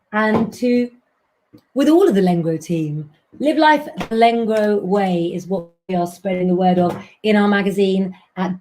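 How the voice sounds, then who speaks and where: Brief: woman, live-stream astrologer doing tarot readings, warm chatty delivery, talks straight to viewers. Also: mid-range voice. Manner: chatty, keeps addressing viewers as "guys".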